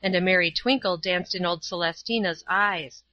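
A woman narrating a story aloud as an audiobook reader, in a steady, even storytelling way. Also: on the low side, moderate pace, highs cut off. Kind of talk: scripted narration.

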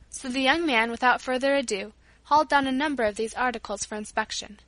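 A woman narrating a storybook as an audiobook, reading in a clear, expressive way. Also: high voice, fairly quick, no room sound.

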